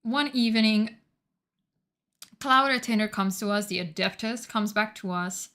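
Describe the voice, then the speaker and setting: A woman streamer talks casually to her chat at a mid pitch. She is excitable and swears freely, rambling as she hunts through her notes. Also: measured pace.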